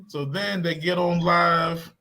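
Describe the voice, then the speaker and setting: A man co-hosting a casual panel chat, retelling events with lively, animated storytelling. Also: on the high side, takes it slowly. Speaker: panel co-host.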